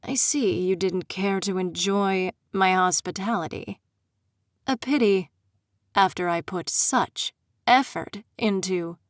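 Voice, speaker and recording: Woman voicing a menacing male fae prince, slow taunting drawl, slightly lowered voice, dry close audiobook sound. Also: fairly even intonation, dry recording, lightly acted. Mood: condescending.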